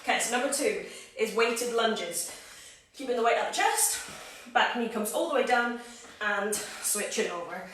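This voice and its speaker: A woman fitness coach leads a workout from her home, counting down each set with upbeat cues and chatty asides. She is out of breath, and her fairly high voice sits well back from the mic in a very echoey room with a little noise behind. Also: animated, moderate pace, fairly bright tone, distant mic. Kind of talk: live workout instruction.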